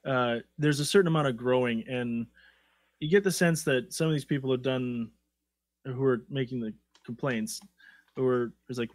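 A man's voice: mid-range voice, normal speed, dry recording. Casual man co-hosting a podcast, dry sound. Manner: conversational, checks in with "right?". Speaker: podcast co-host.

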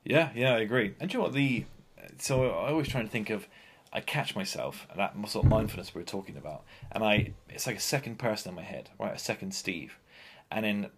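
A young adult man hosting a podcast, chatting casually in an animated, jokey way and swearing now and then, then reading a sign-off. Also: fairly low pitch, brisk, a little hiss or hum. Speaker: podcast host.

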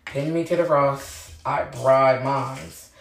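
A woman's voice: extremely low pitch, fairly even intonation, slow pace, far from the mic. A woman in her thirties hosting a podcast from home in a casual, candid chat, full of slang and swearing, and laughing often. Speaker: podcast host. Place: room at home. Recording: roomy echo, voice off mic.

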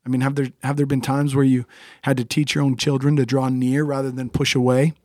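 A man's voice: mid-range voice, flat delivery, a little fast, dark tone, no room sound, clean studio sound. A man hosting a podcast, asking thoughtful, encouraging questions in a conversational tone. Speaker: podcast host. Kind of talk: conversational interviewing.

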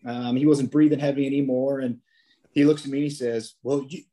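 A man's voice: medium pitch, flat delivery, fairly quick, dark tone. A police officer, a man, chatting as a podcast guest, telling stories casually with many restarts and fillers. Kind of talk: casual interview storytelling.

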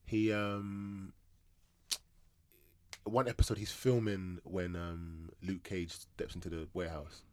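A man co-hosting a podcast in casual chat, slangy and quick to repeat "yeah, yeah". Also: low-pitched, level tone, darkish tone, dry recording. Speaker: podcast co-host.

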